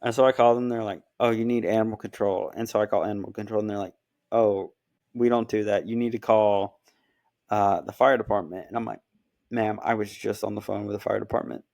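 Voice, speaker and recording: A man with a fairly low voice tells a long story about his cat in a loose, conversational way. He slips into quoted back-and-forth as he goes, and the recording sounds close and dry. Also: fairly quick, gravelly, no room sound. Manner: animated storytelling with quoted dialogue. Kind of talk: casual chat, pet story.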